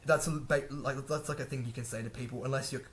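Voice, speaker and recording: A man's voice: mid-range voice, fairly even intonation, fast talker, a little hiss or hum. A young man hosting a language-learning video, talking casually to camera, chatty, laughing often and correcting himself as he goes.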